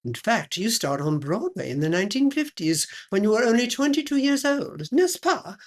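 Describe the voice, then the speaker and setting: A woman's voice: medium pitch, sing-song, normal speed. A woman playing a pompous aristocratic lady who hosts a chat show, affected and drawling, dropping French phrases. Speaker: host.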